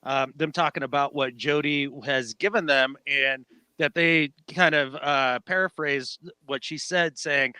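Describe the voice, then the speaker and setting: A man co-hosting a casual sports podcast, animated and acting out quotes in mock voices. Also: on the high side, measured pace, clear, resonant tone, no room sound. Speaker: podcast co-host.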